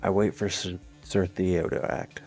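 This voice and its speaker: A man's voice: deep voice, level tone, measured pace, darkish tone, soft background music. A man reading a text adventure game aloud, adding wry, amused comments of his own. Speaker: gamer.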